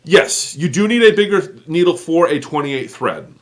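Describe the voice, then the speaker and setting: A man's voice: fairly high pitch, animated, moderate pace. Rambling man co-hosting a show. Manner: rambling, self-mocking, many fillers. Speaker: co-host. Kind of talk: casual chat.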